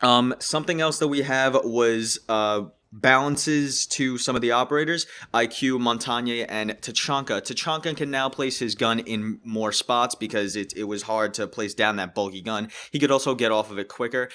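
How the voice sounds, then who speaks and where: A man's voice: medium pitch, moderate pace, hardly any pauses, pushed and bright. A man hosting his own gaming channel, chatting casually about a game update with loose phrasing, fillers and restarts.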